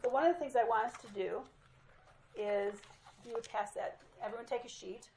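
A woman's voice: on the high side, brisk, darkish tone, rough recording. A woman teaching a small group in a casual, self-deprecating way, recorded in a meeting room. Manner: chatty, self-deprecating storytelling. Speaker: Bible study teacher.

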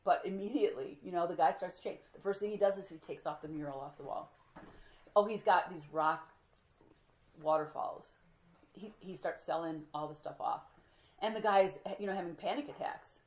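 A woman's voice: lowish voice, moderate pace, roomy sound. A woman teaching a group Bible study, telling stories with energy and acting out what people said. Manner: lively storyteller who acts out quoted speech.

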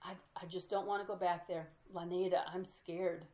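A woman's voice: on the low side, flat delivery, normal speed, darkish tone, natural voice. Woman putting on a hulking young ex-con. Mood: scared. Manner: street slang mixed with Spanish words. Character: burly young male ex-con, tender and boisterous.

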